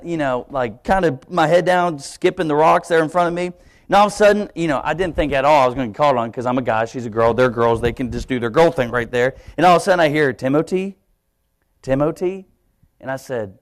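Young guy preaching at church, kinda high voice, jumps from loud to quiet telling his story. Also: fast. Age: young adult. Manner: animated storytelling, acting out his own inner voice. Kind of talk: sermon with personal story. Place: church sanctuary, live stream.

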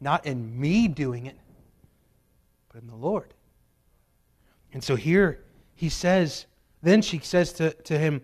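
Preacher with emphatic, surging delivery. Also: male voice, fairly high pitch, lively intonation, moderate pace, pauses often. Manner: emphatic preaching, swings between loud urgent peaks and quiet drops. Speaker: pastor. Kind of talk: sermon. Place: church sanctuary.

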